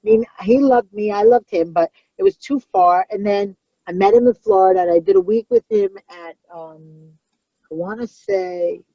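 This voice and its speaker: A woman comedian, around middle age, telling stories in podcast chat in a blunt, profane, animated way. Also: medium pitch, moderate pace, no room sound. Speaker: comedian guest. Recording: dull lo-fi sound.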